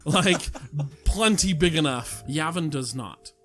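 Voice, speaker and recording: A man co-hosting a casual podcast, blunt and opinionated, quick to laugh. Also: a little high, lively intonation, a bit bright, soft background music. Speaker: podcast co-host. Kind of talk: casual chat.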